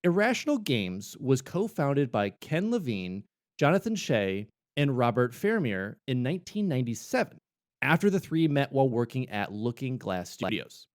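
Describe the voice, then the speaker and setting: Animated man co-hosting a gaming podcast. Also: mid-range voice, moderate pace. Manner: jokey, playful, animated. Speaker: podcast co-host. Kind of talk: casual gaming podcast chat and reading of history notes.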